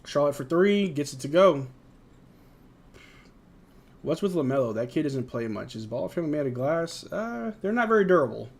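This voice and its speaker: Drowsy and yawning, a young live stream host calls the plays during a watch-along and reads out viewers' chat messages to answer them. His voice is a little high, sing-song and gravelly, at normal speed with long pauses.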